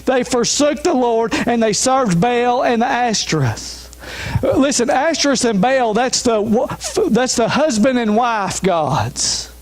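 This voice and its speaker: A man's voice: extremely high pitch, expressive, unhurried, no room sound. A man, a pastor, preaching an emphatic sermon with repeated refrains. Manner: emphatic, repeats refrains, urges listeners to listen.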